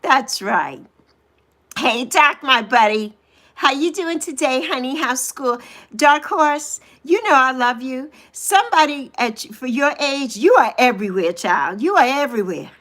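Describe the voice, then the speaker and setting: A woman in her sixties hosting a casual livestream, animated and sassy, greeting viewers by name. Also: high-pitched, unhurried. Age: 60s. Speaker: livestream host.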